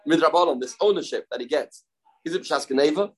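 A man's voice: a little high, a little fast, breathy edge, poor audio. A man with a Yeshivish accent teaching a daily Talmud lesson, repeating key phrases and asking and answering his own questions. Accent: Yeshivish English.

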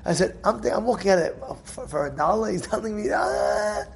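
High-voiced man giving a lively Torah talk. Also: a little fast, gravelly. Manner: animated storytelling with repeated phrases and quoted dialogue. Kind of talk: informal Torah lesson.

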